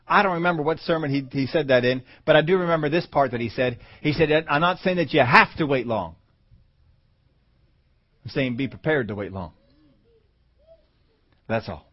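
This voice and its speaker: A man's voice: mid-range voice, slightly rough. A man preaching a sermon with emphasis, acting out the voices of doubters. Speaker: pastor. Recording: dull lo-fi sermon audio.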